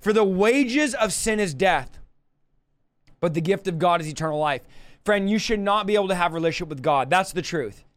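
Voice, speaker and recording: A man's voice: sits high, expressive, brisk, dry recording. A man preaching a sermon with an impassioned, repetitive cadence.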